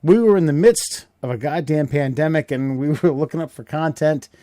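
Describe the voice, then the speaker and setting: A man's voice: on the high side, moderate pace, dark tone, no room sound, studio quality. A man co-hosting a casual podcast, talking hesitantly with fillers and laughs.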